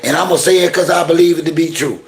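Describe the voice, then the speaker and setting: A man with a raised pitch and a rough, gravelly voice hosts a casual live stream. He chats with viewers in playful flirty banter. He also launches into blunt, exasperated rants. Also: fast talker. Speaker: YouTube live-stream host.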